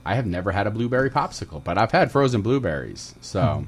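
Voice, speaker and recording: A man's voice: fairly low pitch, very animated, fast talker, slightly rough. A man co-hosting a community radio show in casual chat, joking and reading out listings. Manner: jokey, laughs often, reads listings. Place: radio studio.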